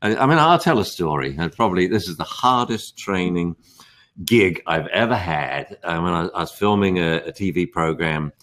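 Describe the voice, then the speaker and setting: An older man teaching dog training in a live class, excitable and jumping into character voices for dogs and owners. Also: deep voice, normal speed. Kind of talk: animated live web class talk.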